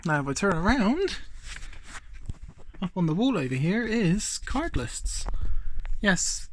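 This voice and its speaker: A man with a fairly high voice chats through a show-and-tell of his collection, rambling from item to item with plenty of asides. He films on a phone held in his hand, indoors at home. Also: big pitch swings, slow pace, slight background noise. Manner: chatty and rambling, many fillers and asides. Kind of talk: casual show-and-tell vlog. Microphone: handheld phone.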